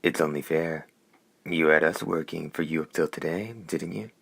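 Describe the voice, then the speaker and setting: A man doing a hoarse, mocking creature voice. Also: a bass voice, moderate pace, a bit bright, no room sound, full character voice. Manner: sardonic, teasing. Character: hoarse mocking parasite voice, male.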